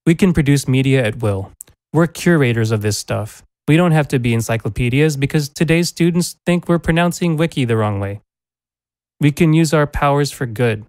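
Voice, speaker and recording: A man's voice: medium pitch, lively intonation, moderate pace, darkish tone, no echo. A male teacher reading a prepared lecture in an earnest, reflective manner, recorded close on a studio microphone. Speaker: teacher presenting a lesson. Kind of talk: scripted lecture narration. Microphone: studio condenser microphone.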